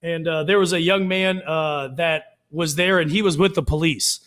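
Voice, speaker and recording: Co-hosting a relaxed talk podcast, this man speaks at normal speed in a slightly high voice. He's a lively storyteller who performs quotes by raising his voice.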